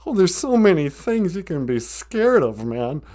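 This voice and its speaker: A man's voice: high-pitched, sing-song, unhurried, mellow, voice pushed up. A man voicing a jittery, very old male lion who frets and whines, tacking "man" onto his lines. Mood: panicky. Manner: frantic, whiny, keeps saying "man". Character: jittery ancient male lion, panicky worrier.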